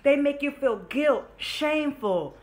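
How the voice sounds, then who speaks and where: A woman's voice: high-pitched, animated, a little slow. A young woman telling a personal story to her viewers in a casual vlog, candid and emotional, swearing freely and calling them her babies. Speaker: vlogger.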